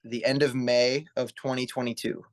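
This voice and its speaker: A man's voice: mid-range voice, little pitch movement, moderate pace. A man in his twenties, a pro wrestler guest in a casual interview, telling his story in an earnest, rambling way and often correcting himself. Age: 20s.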